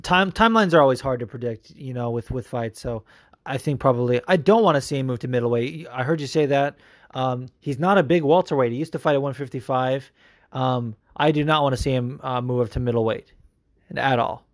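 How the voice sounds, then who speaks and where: A man's voice: medium pitch, brisk, dry recording. Young guy hosting a pod, swears constantly, dead dry mic, mumbles then gets hyped. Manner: rambling and profane, swings from mumbling to hyped. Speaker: podcast host answering listener messages. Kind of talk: casual chat.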